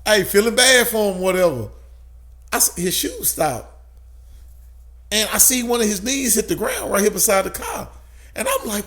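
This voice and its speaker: A man, a guest telling an animated story with frequent laughs. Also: high-pitched, moderate pace. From Tennessee, USA. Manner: animated, laughs often, swears. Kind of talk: casual storytelling.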